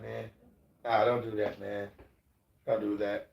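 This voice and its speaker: A man's voice: fairly low pitch, flat delivery, measured pace, vocal fry, a little mellow. A middle-aged man talking loosely and profanely on a live stream, rambling into preachy asides. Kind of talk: casual live-stream talk. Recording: echoey, dull lo-fi room sound.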